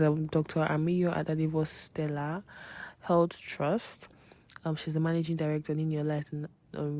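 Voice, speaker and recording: A young woman hosts her podcast, telling a personal testimony in a candid, emotional way with dramatic asides. Her voice sits fairly low for a woman and sounds close and dry, with no room echo. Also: darkish tone. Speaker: podcast host.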